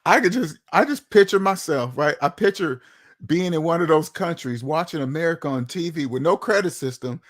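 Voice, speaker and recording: A man's voice: on the high side, lively intonation, brisk. A man hosting his own channel, talking to his viewers in a casual monologue, emphatic and repetitive, firing off rhetorical questions. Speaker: channel host.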